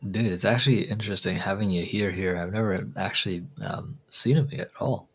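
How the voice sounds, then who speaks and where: A man's voice: sits low, fairly quick, breathy edge. A man hosting a casual livestream chat in a laid-back, rambling way. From Virginia, USA. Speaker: livestream host.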